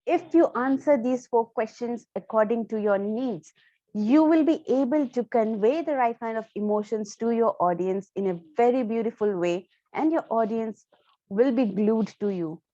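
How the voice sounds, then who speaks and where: A fairly high-voiced woman gives a speaking lesson in a deliberate, emphatic way, leaning on key words and pausing on purpose. The sound is dry and a little dull, like a lo-fi recording. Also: dark tone, no room sound. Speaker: speaking coach. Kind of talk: instructional talk to camera.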